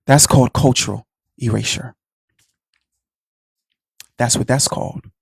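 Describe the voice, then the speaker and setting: A man's voice: medium pitch, steady tone, measured pace, creaky, slightly rough, dry recording, studio quality. Preachy man with a Black American accent. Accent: Black American English. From United States. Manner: preachy, addresses listeners as family. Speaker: radio show host. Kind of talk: impassioned monologue.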